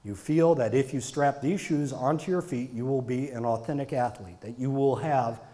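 A man's voice: medium pitch, moderate pace, warm tone. A middle-aged man, a marketing consultant, lecturing a live audience in an emphatic way and stacking repeated phrases for stress.

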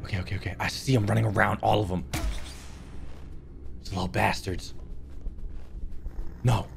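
A man's voice: on the low side, fairly even intonation, moderate pace, vocal fry, faint music behind. A man giving panicky, swearing commentary to himself while playing a horror game. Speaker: gaming YouTuber.

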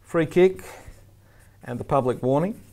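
A man's voice: a little high, measured pace. Emphatic man teaching referees. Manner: emphatic, demonstrates firm and soft referee tones. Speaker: referee instructor. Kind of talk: instructional lecture.

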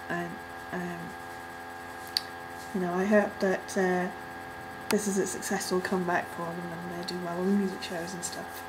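A young woman casually reacting to a music video, rambling with lots of ums and likes and breaking into excited squeals. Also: mid-range voice, noisy background.

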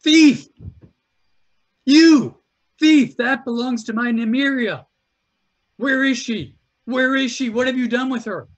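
A woman's voice: slow, pauses often, muffled recording. A man doing a shrieking tiefling refugee woman. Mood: frantic. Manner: shrill, frantic accusing.

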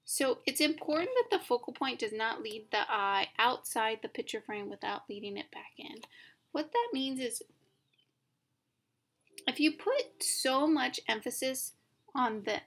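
Young woman talking through art slides, kinda high voice, lots of ums, loose and chatty. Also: expressive, measured pace, a bit bright. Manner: informal, thinks aloud with many ums and self-corrections. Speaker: art teacher. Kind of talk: casual recorded lecture over slides.

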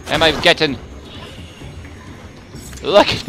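A man giving live commentary while playing an online game, swinging between low muttering and loud outbursts, swearing and taunting opponents. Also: very animated, a little slow, faint music behind. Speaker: gamer with facecam commentary.

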